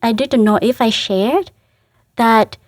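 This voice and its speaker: A woman speaks slowly, her halting phrases broken by soft laughs. She is a religious sister answering interview questions in her own unhurried way. The sound is dry, with no room echo. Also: on the high side. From Vietnam. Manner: halting, earnest, laughs softly between phrases. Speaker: Catholic sister, interview guest. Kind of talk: casual interview.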